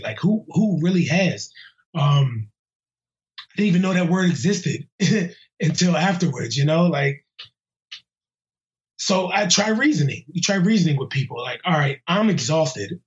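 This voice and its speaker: Blunt, heated man with a muffled sound. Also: fairly high pitch. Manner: blunt and heated, casual slang, halting restarts. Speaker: police officer interviewed about a violent attack. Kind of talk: casual interview. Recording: muffled lo-fi audio.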